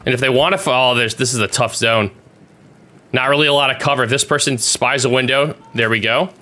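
A young man giving excitable, sarcastic commentary while spectating a shooter game, teasing the players he watches. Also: mid-range voice, a little fast, slight background noise. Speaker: gaming YouTuber commentating.

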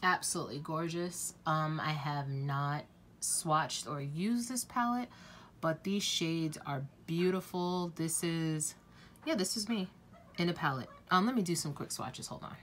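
A woman's voice: sits low, measured pace, slight background noise. A woman talking casually to camera as a beauty vlogger, chatty and effusive, swearing now and then.

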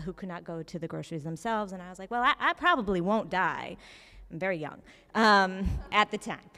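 A young woman telling a personal story on stage in an animated, self-mocking, conversational way. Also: fairly low pitch, clean tone. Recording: reverberant hall.

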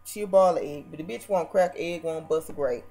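A woman vlogger ranting casually about a reality show in a brash, profane, mocking way, swinging between loud bursts and muttered asides. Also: low-pitched, a little fast.

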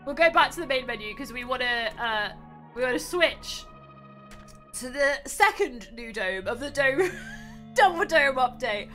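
A young adult woman hosting a live game stream, commentating excitedly and laughing often. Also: sits high, a little slow, soft background music. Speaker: streamer host.

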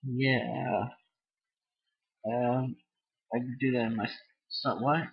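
A man's voice: mid-range voice, steady tone, slow pace, creaky, husky. A young man casually commenting on an online board game, goofy and giggly, breaking into silly made-up songs. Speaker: gameplay commentator. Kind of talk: casual let's-play commentary. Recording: dull lo-fi home recording.

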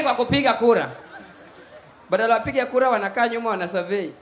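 A man with a Kenyan accent performing a loud stand-up comedy set on a live stage, mixing Swahili and English and acting out voices. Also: very high-pitched, fast talker, long pauses, some chatter behind. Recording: echoey live venue with faint ambience.

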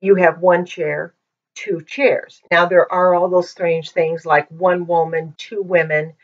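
Woman teacher, low-pitched, patient and methodical, very slow delivery; muffled lo-fi mic. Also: level tone. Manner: patient, methodical, with frequent ums. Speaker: Hebrew teacher. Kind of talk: slow explanatory lesson. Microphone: poor-quality microphone. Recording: dull lo-fi microphone.

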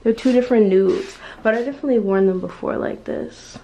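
A woman's voice: medium pitch, fairly quick, vocal fry, dark tone, echoey room, far from the mic, slight background noise. Laid-back young woman vlogging at home. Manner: laid-back, laughing, slangy. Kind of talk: casual vlog chat.

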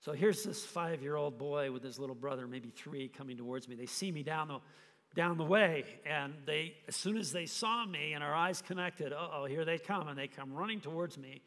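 Animated high-voiced male pastor, echoing hall. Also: normal speed. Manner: animated, acts out scenes. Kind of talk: sermon storytelling. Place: church hall.

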